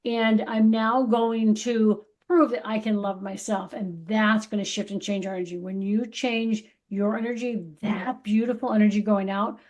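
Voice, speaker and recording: A woman's voice: medium pitch, darkish tone. Fired-up middle-aged woman, swearing freely. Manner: emphatic, swears freely, acts out voices of others. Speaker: podcast co-host. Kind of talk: casual spiritual pep talk.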